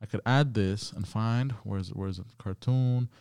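A man's voice: fairly low pitch, normal speed, vocal fry, a little mellow, smooth. A man streaming live, chatting casually and profanely with his viewers in a rambling way. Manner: profane, rambling, talks to chat. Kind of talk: casual ranting stream chat.

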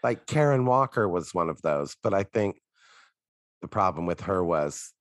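A man co-hosting a podcast in casual chat, telling stories in a relaxed way and swearing now and then. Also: deep voice, moderate pace, no room sound, studio quality. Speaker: podcast co-host.

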